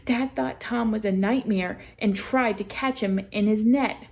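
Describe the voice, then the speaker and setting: A woman reading a children's storybook aloud in a playful, expressive way for a church kids' program. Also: on the high side, measured pace. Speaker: children's ministry reader.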